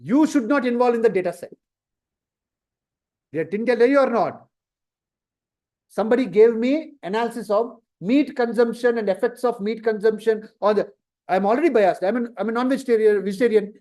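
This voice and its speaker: A man teaching data science to a class, asking lively rhetorical questions. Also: extremely high pitch, normal speed. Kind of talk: classroom lecture.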